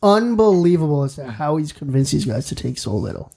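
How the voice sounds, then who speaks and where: A podcast co-host in casual sports chat, chiming in with quick reactions and laughing jabs. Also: medium pitch, sing-song, vocal fry, warm tone, husky.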